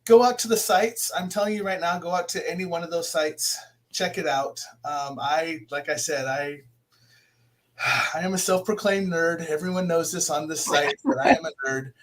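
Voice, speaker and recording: A man's voice: fairly high pitch, normal speed, fairly bright tone. A man hosting a casual live interview show, talking in a rambling, self-deprecating way with frequent restarts. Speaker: podcast host.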